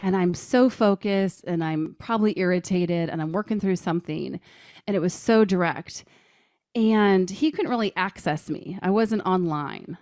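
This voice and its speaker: Podcast guest, woman, lower pitch, very dry close sound, animated storyteller. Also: moderate pace, dry recording. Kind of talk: casual storytelling.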